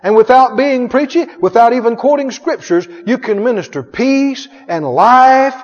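A man's voice: extremely high pitch, expressive, normal speed. A male pastor preaching with emphatic call-and-response and frequent chuckles. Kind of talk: sermon. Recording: echoey hall, dull sound.

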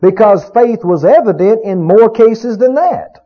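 A male preacher with a high voice that swings widely as he drives each point home. He fires rhetorical questions at the congregation in an emphatic sermon cadence. The recording is dull and lo-fi. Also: animated, a little slow.

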